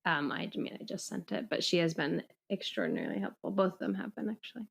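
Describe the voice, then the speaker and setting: A woman's voice: fairly low pitch, huge pitch swings, fast, gravelly, breathy edge. A woman co-hosting a podcast, chatting casually in a hesitant, giggly way. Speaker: podcast co-host. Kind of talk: casual chat.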